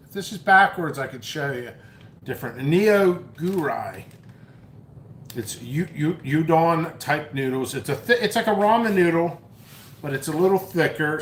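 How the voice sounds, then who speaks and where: A man's voice: on the high side, fairly bright tone, roomy sound, a little hiss or hum. A man hosting a live stream, chatting loosely as he reads comments and tells a story, often mocking and restarting his sentences. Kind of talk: rambling live stream chat, reading comments. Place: at home, eating noodles.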